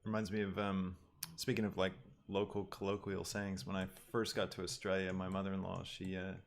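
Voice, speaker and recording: A man livestreaming his 3D work, casually thinking aloud and pausing with ums as he goes. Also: low voice, monotone, creaky. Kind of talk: casual livestream talk while working.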